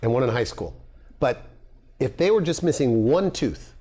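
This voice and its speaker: A man hosting a health talk show, asking short questions and briskly keeping the guest on time. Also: medium pitch, lively intonation, dark tone. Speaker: show host. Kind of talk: casual interview talk.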